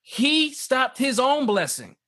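Man, high-pitched, animated, casual Bible talk, reads verses slowly. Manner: animated, reads scripture slowly, acts out dialogue. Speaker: podcast co-host teaching scripture.

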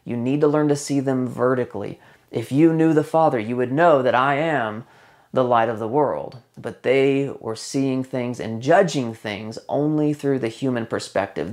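A man preaching a sermon in a conversational way. He slows down for emphasis and repeats key phrases. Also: medium pitch, darkish tone. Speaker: pastor.

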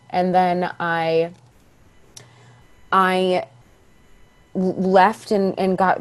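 A young woman, a stage actress, chatting as a podcast guest, telling her story with lively acted-out quotes. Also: lowish voice. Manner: animated, acts out quoted voices. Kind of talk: casual interview storytelling.

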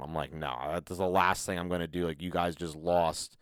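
A man co-hosting a casual podcast, telling a long story in a profane, animated way. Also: low voice, a little fast, clear, resonant tone, dry recording. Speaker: podcast co-host. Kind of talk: casual chat.

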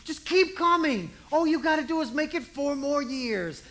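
A preacher voicing Jesus as a gentle, encouraging grown man who repeats slow, drawn-out reassurances. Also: sits high, expressive, voice pushed up. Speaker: preacher acting out a scene.

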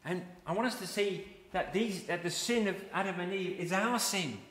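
Bright-voiced preacher in an echoey hall. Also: male voice, sits high, normal speed. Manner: expository, reads scripture aloud then explains it. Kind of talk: sermon.

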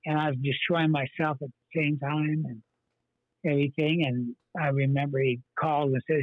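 A man's voice: on the high side, steady tone, normal speed, dry recording. A man, a pastor, earnestly telling his life story in an interview, rambling with many fillers and restarts. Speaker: pastor, guest. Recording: tinny phone-line sound.

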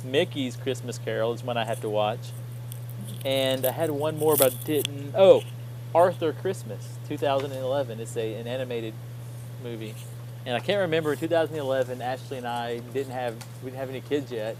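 A man's voice: mid-range voice, brisk, a little mellow, a little hiss or hum, low-quality recording. A man in his thirties, co-hosting a casual chat, rambling and correcting himself as he goes. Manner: rambling, self-correcting, upbeat.

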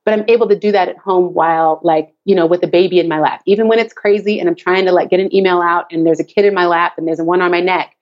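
A woman speaking from her home office about her work, animated and quick to laugh as she tells stories. Her voice sits on the low side, and the recording is dull and lo-fi, like a remote call. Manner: animated storyteller, laughs often, acts out her child's voice. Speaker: guest, tap dance teacher and course creator. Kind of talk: casual interview chat. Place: home office at the back of the garage.

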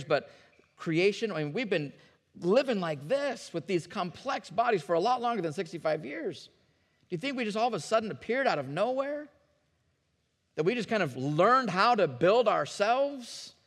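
A man's voice: high voice, lively intonation, moderate pace, a bit bright, long reverb tail. A man preaching a sermon as a pastor, talking to the congregation in an earnest, conversational way and often repeating his words.

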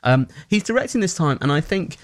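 A non-American man with a slightly high voice gives an animated, opinionated film review at a brisk pace in casual chat, full of fillers and restarts. The recording is dry.

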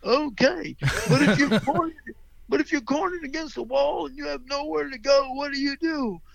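A man putting on the voice of a male karate teacher with a Southern accent, calling out questions to a class of kids in a high, sing-song way. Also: moderate pace, vocal fry, no room sound, poor audio. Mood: rousing. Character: cheerful drill-style male karate teacher quizzing kids.

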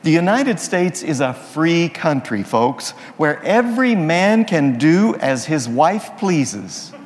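A priest delivering a sermon in a folksy, playful manner, leaning on jokes. His delivery is unhurried but full of rises and falls, on the higher side for a man. The sound carries a long reverb from the church. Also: big pitch swings, a little hiss or hum. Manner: folksy, playful joke-telling.

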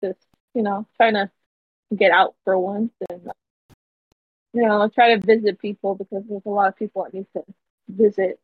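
A young woman co-hosting a casual podcast, halting and giggly, often trailing off. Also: mid-range voice, steady tone, slightly rough, no room sound. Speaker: podcast co-host. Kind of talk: casual chat. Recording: dull lo-fi home mic.

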